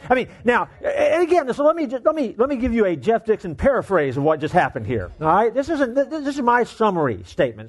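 A male pastor with a notably high speaking voice delivers a sermon in a church service. He talks with emphasis and often repeats words as he builds toward a point. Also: big pitch swings, brisk, few pauses. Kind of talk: sermon with prayer.

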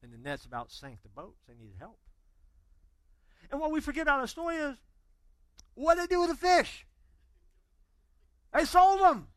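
A male pastor preaching in a high, bright voice that swings widely in pitch. He tells stories with animation and acts out each quote. The sound is dry and close. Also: normal speed, long pauses, no echo, low-quality recording. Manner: animated storytelling, acting out quotes; drops to quiet intensity. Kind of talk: sermon.

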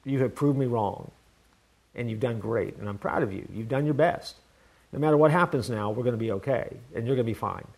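A man voicing a stern, blunt father talking to his teenage son in a gruff, demanding way. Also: a little high, very animated, fairly quick, pauses often, full character voice. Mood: tender. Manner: gruff and demanding, softening when proud.

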